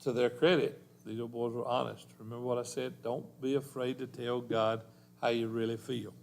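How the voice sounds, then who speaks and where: A man preaches a sermon in a church. His delivery is earnest and homespun, full of country expressions, and his voice sits at an ordinary middle pitch. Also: little pitch movement, moderate pace, gravelly. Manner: folksy, earnest preaching with rural turns of phrase. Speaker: pastor.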